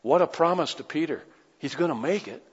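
A man's voice: a little high, animated, a little fast, breathy edge. A man preaching a sermon with passion, pressing his listeners with rhetorical questions. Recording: echoey hall, dull lo-fi sound.

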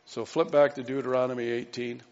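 A man's voice: mid-range voice, little pitch movement, fairly quick, a little mellow. A man preaching a sermon as pastor, earnest and repeating key phrases for emphasis. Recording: dull reverberant hall recording.

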